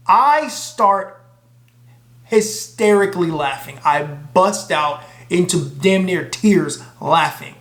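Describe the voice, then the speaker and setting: A man casually telling a profane, animated story to his camera. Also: high-pitched, slow, roomy sound. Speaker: vlogger.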